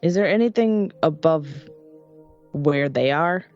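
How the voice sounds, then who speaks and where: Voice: mid-range voice, expressive, a little slow, a little mellow, faint music behind. Brash tabletop player on a muffled mic. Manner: brash and profane. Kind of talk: casual tabletop play.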